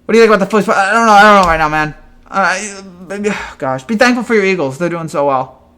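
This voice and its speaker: Exasperated high-voiced man ranting. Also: lively intonation, quick pace, pushed and bright, clean tone. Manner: exasperated and ranting, with frequent stammered restarts. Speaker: sports fan commentator. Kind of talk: fan reaction rant.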